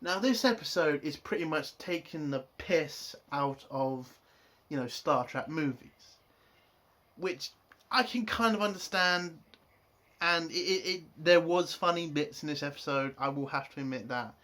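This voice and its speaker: A man with a voice pitched a little above the usual runs through an episode review in a casual spoken way. He sounds exasperated, ranting and swearing freely as he goes. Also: lively intonation, a little slow, bright, forceful tone. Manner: exasperated, swears a lot, rants.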